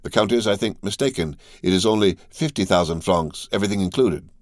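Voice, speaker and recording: A man's voice: low-pitched, brisk, no echo, studio quality, natural voice. A man voicing an honest notary who politely corrects his client. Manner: polite, earnest.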